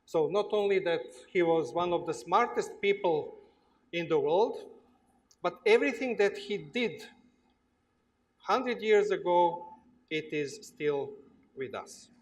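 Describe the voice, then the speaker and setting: In a lecture hall, a guest lecturer whose first language is Slavic gives a workshop talk to students with a Slavic accent. His voice is pitched a little above the usual for a man, and though animated, he speaks very slowly and haltingly, often pausing on "uh" and repeating himself while searching for words.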